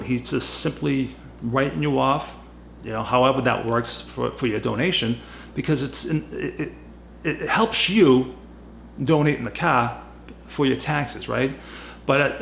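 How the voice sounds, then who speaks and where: A man with a gravelly, fry-edged voice tells an indignant story to his camera, acting out what others said. The room sounds echoey, with a faint hiss of noise behind him. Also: mid-range voice. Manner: indignant, animated retelling with quoted dialogue. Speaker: car hobbyist vlogger. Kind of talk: casual storytelling rant.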